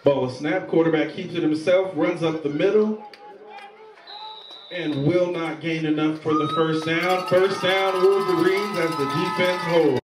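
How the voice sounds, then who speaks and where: A man giving calm, steady play-by-play of a youth football game from an outdoor field. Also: fairly high pitch, unhurried, faint music behind. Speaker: play-by-play commentator. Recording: echoey, distant, with loud crowd and noise. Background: crowd and field noise.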